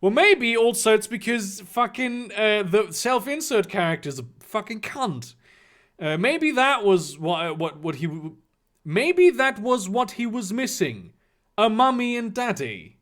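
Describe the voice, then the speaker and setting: A man's voice: sits high, big pitch swings, a little slow, fairly bright tone. A man reading fan fiction aloud and mocking it with crude, sarcastic commentary and frequent swearing. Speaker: reader and commentator.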